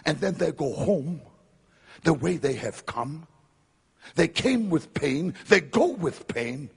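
A man preaching a revival sermon, dramatic and emphatic, building to shouted climaxes. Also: a little high, animated, slow, creaky, husky.

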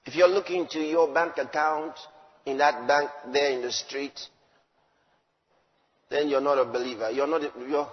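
Male preacher, high voice, emphatic sermon delivery, muffled recording with long hall reverb. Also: steady tone, unhurried, pauses often. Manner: emphatic, swinging from loud declarations to low asides.

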